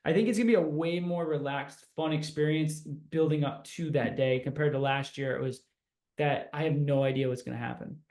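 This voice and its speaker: An energetic man hosting a casual podcast, chatting like an old friend. His voice sits a little high. The room gives it a noticeable echo. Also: fairly quick. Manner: upbeat, energetic, says dude and bro. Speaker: podcast host. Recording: roomy echo.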